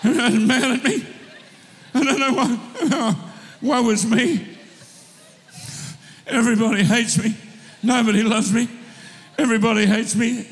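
A man's voice: very high-pitched, steady tone, a little slow, long pauses, long reverb tail. A man mocking a sulky, self-pitying churchgoer in a whiny lament.

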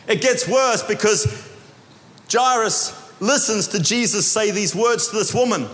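Animated preacher from New Zealand, high voice. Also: male voice, measured pace. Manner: animated, acts out voices, swings between loud shouts and quiet asides. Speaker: pastor. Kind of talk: sermon. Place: church hall. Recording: long hall reverb.

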